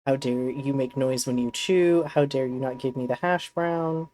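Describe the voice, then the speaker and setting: A streamer voicing their pet cat as a haughty, judgmental house cat, speaking in drawn-out, indignant complaints. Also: medium pitch, mellow, a little hiss or hum, lightly acted.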